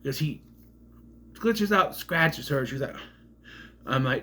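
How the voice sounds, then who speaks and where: A man's voice: mid-range voice, lively intonation, takes it slowly, sharp tone, slight background noise. A man giving a casual, rambling film review, sarcastic and often tripping over names. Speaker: movie reviewer.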